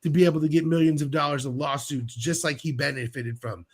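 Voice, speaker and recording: A man's voice: on the high side, fairly even intonation, a little fast. Blunt, heated man cursing freely. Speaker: podcast co-host. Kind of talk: casual profane talk.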